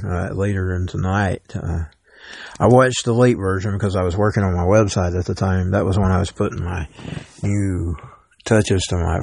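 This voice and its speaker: Gravelly low-voiced man rambling through headlines. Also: no room sound. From Georgia, US South. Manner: rambling, stumbles over words while reading. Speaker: podcast host. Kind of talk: solo podcast monologue reading headlines.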